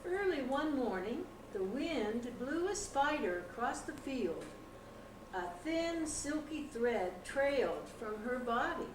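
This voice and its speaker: Slow-reading older woman on home tape. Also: high voice, sing-song. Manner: slow, gentle storytelling with pauses. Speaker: grandmother reading aloud. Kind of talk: picture-book read-aloud to a child. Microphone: home video camera across the room. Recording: echoey room, distant camcorder mic, noise.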